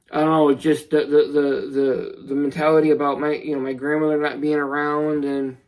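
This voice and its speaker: Young guy talking to camera, kinda monotone, stops and restarts a lot, serious. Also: fairly high pitch, rough recording. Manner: halting, many restarts and fillers; earnest, somber. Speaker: vlogger. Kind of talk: personal storytelling vlog.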